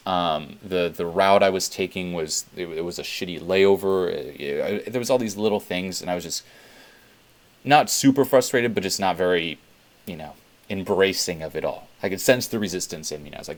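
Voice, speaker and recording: A man's voice: deep voice, fairly quick. A man talking casually in a self-help vlog, rambling with lots of fillers and blunt swearing. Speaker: self-help video host.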